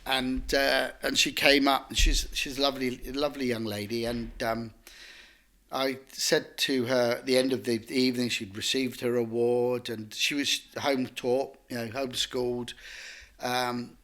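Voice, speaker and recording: A man's voice: mid-range voice, measured pace. Rambling man telling stories. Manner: lively, rambling, with many restarts. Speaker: guest artist. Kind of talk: conversational storytelling.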